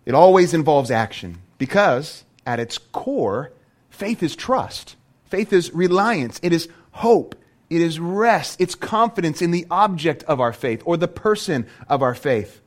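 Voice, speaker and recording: A man preaching a sermon as a pastor, animated and full of rhetorical questions. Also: on the high side, measured pace.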